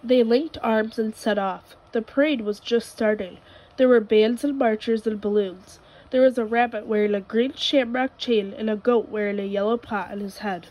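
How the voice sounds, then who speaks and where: A woman's voice: fairly high pitch, steady tone, normal speed, a little mellow, low-quality recording. Woman reading a picture book. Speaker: storybook reader.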